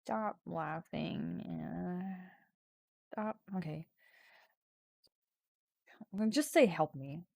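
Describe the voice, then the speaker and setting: A playful woman streamer reads a text adventure aloud at an unhurried pace. She is giggly and often breaks into loud mock shouting. Her voice is close and dry at a desk mic, with no room sound. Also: fairly low pitch, creaky, no room sound. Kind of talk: casual livestream, reading a text adventure aloud.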